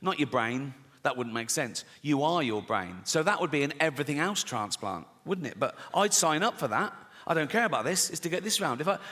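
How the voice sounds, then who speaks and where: A man performing a stand-up routine, chatty and profane, putting on quick voices for the people in his stories. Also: on the high side. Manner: conversational, swearing, acts out characters. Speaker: stand-up comedian. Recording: live stage mic in a large hall with loud audience ambience.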